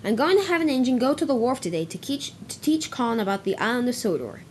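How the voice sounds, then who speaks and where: A stout, important railway boss making formal announcements to his engines, as a woman puts him on. The voice rides higher than her own and moves around lively. It is a storybook-style telling with toy trains. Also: quick pace, slight background noise, close to an everyday voice. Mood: announcing.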